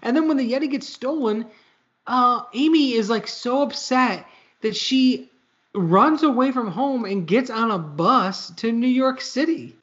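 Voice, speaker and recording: Casual speaker, mid pitch, rambling recap style, slightly dull audio. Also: expressive, unhurried, a bit bright. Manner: rambling retelling with many fillers. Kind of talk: casual movie discussion.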